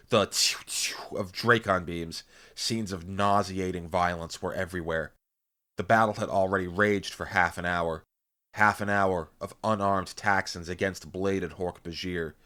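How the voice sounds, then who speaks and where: A man narrating an action-packed novel in first person, intense and punchy, voicing loud sound effects. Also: low voice. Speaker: audiobook reader.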